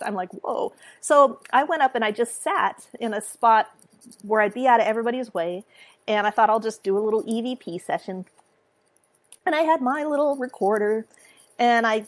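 Woman, sing-song voice, animated storyteller, fairly high pitch. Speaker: author guest. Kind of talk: casual chat.

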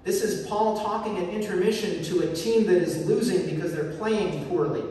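Pastor guy preaching, kinda high voice, phone recording from the pews, lots of church echo. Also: mellow, a little hiss or hum. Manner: earnest, emphatic preaching with dramatic pauses. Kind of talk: sermon. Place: church sanctuary. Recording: echoey church hall from far off.

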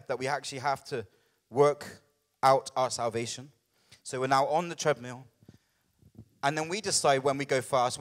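A man preaching a sermon as lead pastor, conversational and animated, often checking in with the congregation. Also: mid-range voice.

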